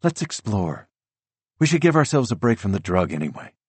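A man's voice: lowish voice, very animated, moderate pace, a little mellow, breathy edge, no room sound. Curious young woman, as a male narrator puts her on.

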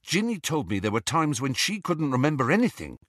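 Defensive teenage boy, read by a male narrator: firm, shaken, lively pitch. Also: a little fast, no echo, clean studio sound, full character voice.

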